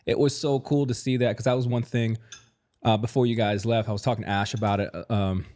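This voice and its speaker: A man co-hosting a casual podcast chat, enthusiastic and often tacking on "man" as he talks. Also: fairly quick. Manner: enthusiastic, jumps high when excited, says "man" a lot. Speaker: podcast co-host.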